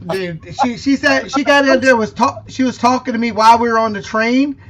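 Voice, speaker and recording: Very high-voiced teasing male co-host. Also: a crowd in the background. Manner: teasing, storytelling, quick bursts. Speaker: podcast co-host. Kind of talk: casual podcast chat.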